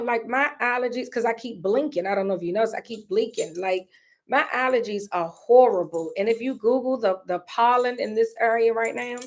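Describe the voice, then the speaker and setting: Mid-woman chatting to her viewers from home, reflective, repeats herself a lot. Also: a little high. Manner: chatty and reflective, faith-laced, repeats phrases. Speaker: vlogger. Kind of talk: casual personal vlog talk. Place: indoors at home.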